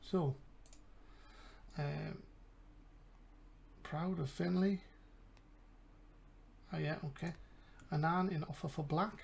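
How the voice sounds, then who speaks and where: A man's voice: fairly high pitch, fairly even intonation, slow, gravelly, long pauses, slightly rough. A man with an English accent, casually commentating a game and thinking aloud with mumbled asides. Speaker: gaming channel host.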